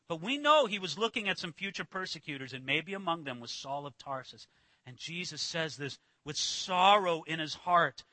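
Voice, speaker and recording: A man preaching a sermon, swinging from loud emphatic declarations to hushed, low passages, and acting out quoted lines. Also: no echo. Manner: dramatic swings from shouting to near-whisper; acts out quoted voices with emphasis. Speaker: pastor.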